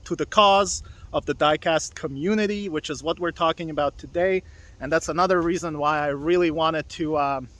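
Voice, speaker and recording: A man's voice: high-pitched, fairly bright tone. A young man vlogging alone outdoors in a forest, rambling casually with lots of fillers and a little out of breath. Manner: loose and chatty, full of fillers and restarts. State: slightly out of breath from walking. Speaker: hot wheels vlogger. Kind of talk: rambling casual vlog talk.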